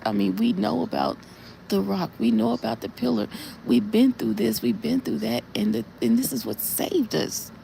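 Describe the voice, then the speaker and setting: A woman's voice: a little high, animated, normal speed, gravelly, dark tone, slight background noise. A woman on a casual live stream, earnestly retelling a dream in a repetitive way and speaking straight to her viewers. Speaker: livestreamer.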